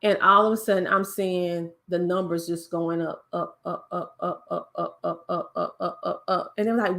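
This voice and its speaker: Bright-voiced Southern woman with a twang. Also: fairly low pitch, normal speed, gravelly, hardly any pauses. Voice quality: country twang. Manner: lively storytelling, acts out other voices. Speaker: podcast guest. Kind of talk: casual interview talk.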